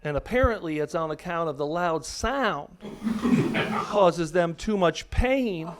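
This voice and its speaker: A middle-aged American man in a stand-up set speaks into a handheld mic on a comedy venue stage, delivering crude punchlines brashly in a high, animated voice at a slow pace. The live recording is drowned out by loud crowd laughter.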